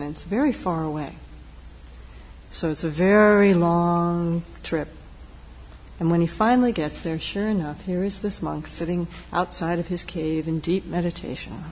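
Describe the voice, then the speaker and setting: Gentle woman giving a meditation talk. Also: lowish voice, breathy edge. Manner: gentle, reflective, unhurried with pauses. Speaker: meditation teacher. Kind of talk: dharma talk. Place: meditation hall. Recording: long hall reverb, faint noise.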